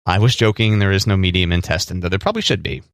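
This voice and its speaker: A man's voice: sits low, fast, smooth, no echo, clean studio sound. A man co-hosting a casual podcast, teasing and joking with his co-host. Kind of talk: casual chat.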